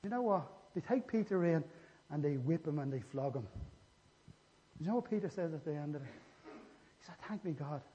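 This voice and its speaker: A man's voice: on the high side, expressive, brisk, pauses often, mellow. A man preaching a sermon, retelling scripture stories and acting out the dialogue. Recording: echoey hall, dull lo-fi sound.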